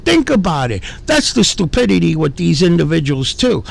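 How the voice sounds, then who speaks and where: A man's voice: a little high, big pitch swings, normal speed, vocal fry. A man hosting a commentary video, ranting indignantly and cursing, often repeating himself. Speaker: commentary channel host.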